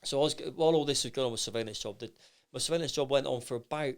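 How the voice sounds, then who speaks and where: A middle-aged man, a podcast guest, telling stories in a lively, rambling way with many restarts. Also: medium pitch, rapid-fire. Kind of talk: anecdotal storytelling in casual chat.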